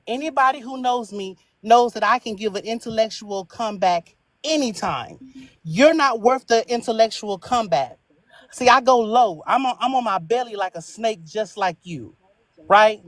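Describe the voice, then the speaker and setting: A woman's voice: mid-range voice, dry recording. Taunting woman trading insults, dry sound. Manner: taunting, insulting, drawn-out jabs. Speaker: panel speaker. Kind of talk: heated live audio panel debate.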